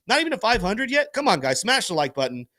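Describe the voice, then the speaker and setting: A man's voice: high voice, fast talker. A man hosting a livestream crypto show, giving market commentary and urging viewers to like and join. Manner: animated, salesy, pushes viewers to like and join.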